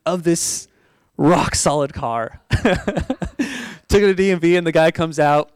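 A pastor from Oregon telling a story in a sermon, animated, laughing often and acting out the people he quotes. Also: fairly high pitch, takes it slowly, clear, resonant tone, no room sound. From Oregon, USA.

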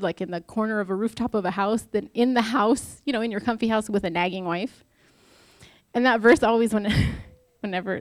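A woman's voice: medium pitch, a little mellow, no echo. A married woman giving a casual devotional talk, chatty and self-deprecating, acting out the lines she quotes. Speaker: Bible study speaker.

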